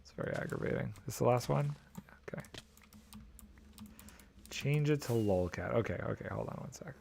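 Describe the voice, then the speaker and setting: A man's voice: medium pitch, lively intonation, moderate pace, creaky, a little mellow, slight background noise. A man streaming a video game, chatting casually and thinking aloud, mildly exasperated and joking as he plays, talking into a desk microphone. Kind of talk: casual gameplay commentary.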